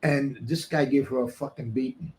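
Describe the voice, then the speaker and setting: A man's voice: medium pitch, fairly even intonation, normal speed, a little mellow, slight background noise. An older man, a guest, telling street stories in a blunt, profane, streetwise way. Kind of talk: storytelling in a casual interview.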